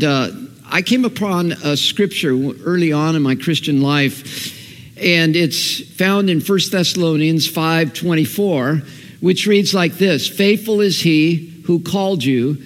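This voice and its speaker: A man preaching a sermon as pastor, lively and emphatic, repeating key phrases as he builds. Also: on the high side. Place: church hall. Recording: long hall reverb.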